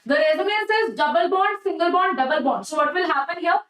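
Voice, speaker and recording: High-pitched Indian woman teaching chemistry. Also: a little fast, fairly bright tone, roomy sound, far from the mic, low-quality recording. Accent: Indian English. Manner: repetitive, coaxing, checks "okay? right?" often. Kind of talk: online exam-prep lecture.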